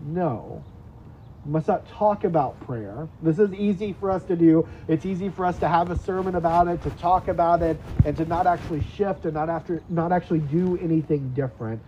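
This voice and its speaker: A man's voice: a little high, warm tone, highs cut off, slight background noise. A man preaching a conversational devotional sermon, earnest and repeating his key phrases for emphasis.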